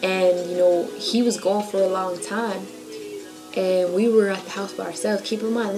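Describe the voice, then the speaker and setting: A woman's voice: medium pitch, fairly even intonation, normal speed, low-quality recording. A young adult woman vlogger recounting a personal childhood story in a casual, slangy, emotional way. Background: background music.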